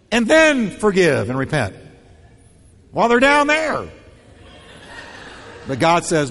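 A man preaching a sermon with a fairly high voice that leaps up and down in pitch. He drives his points home in short, punchy bursts and repeats key lines. His voice rings out with a long reverb, as if he were speaking in a large hall. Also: slow pace, long pauses. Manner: animated, punchy delivery with repeated short phrases. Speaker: pastor.

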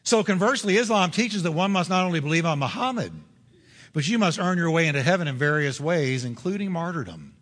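A man preaching a sermon as pastor, driving points home with repetition and slowing down on key words. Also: on the high side, expressive, fairly bright tone, in a large hall.

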